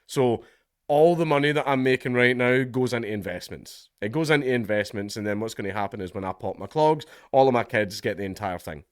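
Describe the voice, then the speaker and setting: A man's voice: medium pitch, a little fast, smooth, no room sound, clean studio sound. A Scottish man giving casual vlog commentary in a sardonic tone, laughing often as he talks. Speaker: political commentator.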